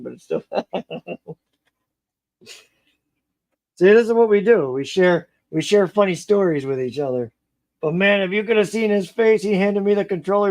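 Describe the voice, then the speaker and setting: A man's voice: a little high, darkish tone, rough recording. A man chatting casually on a live stream while he repairs a model car, rambling, joking and muttering to himself as he works.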